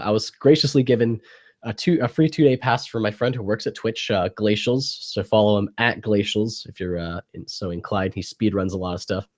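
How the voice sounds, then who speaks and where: A man's voice: on the low side, a little mellow. A young man co-hosting a casual tech show over a video call, talking in a loose, rambling, jokey way while congested from a cold. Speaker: podcast co-host. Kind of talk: casual chat.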